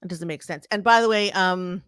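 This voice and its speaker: A woman's voice: on the low side, fairly quick, a bit bright, smooth, dry recording, studio quality. A woman with a US East Coast accent, co-hosting a podcast in casual chat and explaining things with examples. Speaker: podcast co-host.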